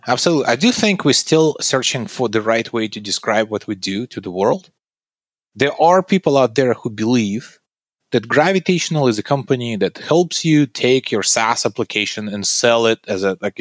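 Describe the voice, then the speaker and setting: A man's voice: lively intonation, moderate pace, no echo. Earnest male tech founder, dry sound. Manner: earnest, explanatory, pitching his product. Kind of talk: interview answers.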